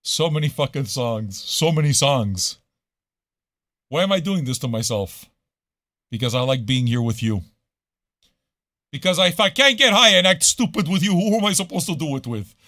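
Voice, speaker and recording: Male radio host, profane rambling rant, voice sits a bit high, dry close sound. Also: animated, moderate pace, long pauses, no echo. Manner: profane, ranting, swings from loud to muttering. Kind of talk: casual live radio rant.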